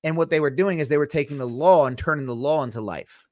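A man co-hosting a Christian podcast, speaking emphatically and deliberately, repeating key lines for effect. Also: on the high side, darkish tone, no room sound, clean studio sound. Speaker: podcast co-host. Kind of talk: casual Christian podcast talk.

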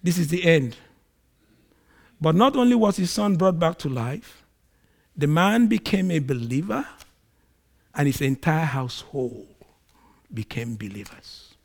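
A man preaching a sermon, acting out quoted speech with big swings in volume and pitch. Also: very animated, measured pace, gravelly, long pauses. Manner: acts out quoted speech in a raised voice. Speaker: pastor.

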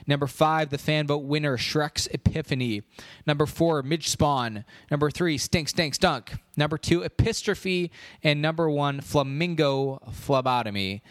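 A man's voice: a little high, measured pace, dry recording, clean studio sound. A man hosting his own podcast, running through a playful countdown in a rambling, casual way, with hyped-up announcements. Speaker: podcast host.

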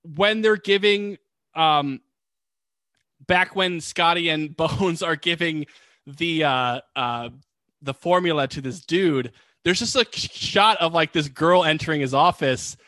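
Bright-voiced man recapping a movie. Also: a little high, unhurried, no echo. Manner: rambling, animated storytelling with quoted voices. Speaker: podcast co-host. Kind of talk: casual movie recap chat.

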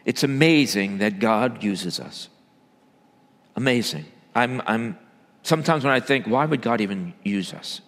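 A man, a church elder, preaching a sermon, swinging between loud emphatic bursts and low quiet asides. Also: lively intonation, measured pace, in a large hall.

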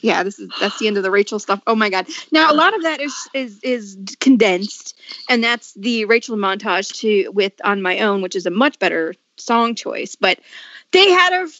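A woman's voice: mid-range voice, lively intonation, normal speed, fairly bright tone, no echo, muffled recording. Giggly woman podcast host. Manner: giggly, self-deprecating. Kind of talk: casual chat.

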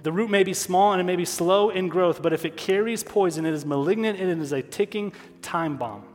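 Male pastor mid-sermon, voice on the higher side, earnest and emotional, repeats lines for weight. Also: a little fast, a little mellow, soft background music. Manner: emotional, stops to apologize and regroup; repeats key phrases for emphasis. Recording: long hall reverb.

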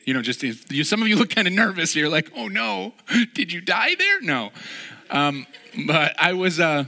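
A pastor delivering a sermon to a gathering, telling a personal story in an animated, self-mocking way. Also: male voice, fairly high pitch. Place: large hall before a live gathering. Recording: long reverb of a large hall.

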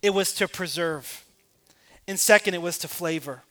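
A man preaching with passion, his voice sitting high and ringing bright. He swings from hushed, close moments to loud emphatic peaks as he presses each point on the congregation. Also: normal speed. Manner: impassioned preaching, rising to emphatic peaks and dropping to quiet asides. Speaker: pastor. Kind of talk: sermon.

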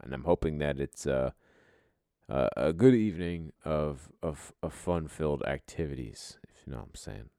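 Brief: very low, gravelly male podcast host, casual and profane, dry close sound. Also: moderate pace, dark tone, no echo. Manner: laid-back, profane, rambling with fillers. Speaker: podcast host, league commissioner.

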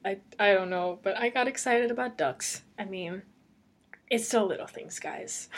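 A woman talks alone on her podcast in a loose, rambling way. She laughs between thoughts and keeps the talk casual. Her voice sits at an ordinary pitch for a woman. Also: steady tone, moderate pace. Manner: chatty, laughs often, rambling. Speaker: podcast host. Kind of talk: casual solo podcast chat. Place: lives alone in Amsterdam.

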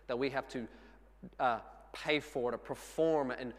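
A man in his thirties preaching a sermon, telling a family story with earnest warmth and laughing at himself now and then. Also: medium pitch, steady tone, a little slow. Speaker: pastor. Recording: long hall reverb.

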